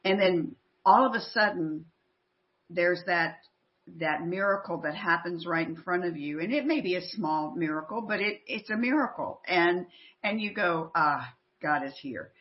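A woman's voice: fairly low pitch, moderate pace. A woman co-hosting a faith talk show, speaking earnestly and with animation, often repeating words as she builds her point. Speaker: podcast co-host. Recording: slightly muffled audio.

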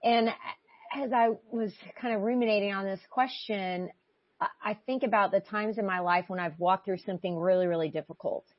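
A woman co-hosting a faith talk show, speaking thoughtfully and pausing often with ums as she reflects. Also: medium pitch, fairly even intonation, no room sound. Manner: thoughtful, searching, with frequent ums and restarts. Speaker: podcast co-host. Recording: slightly muffled dry audio.

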